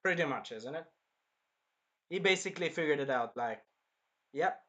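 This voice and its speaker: A man giving a casual anime episode review, excitable, acting out scenes in bursts and swearing freely. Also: on the high side, moderate pace, lo-fi sound.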